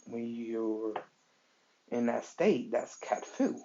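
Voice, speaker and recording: A man doing a calm teen boy explaining. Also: medium pitch, slow pace, dull audio.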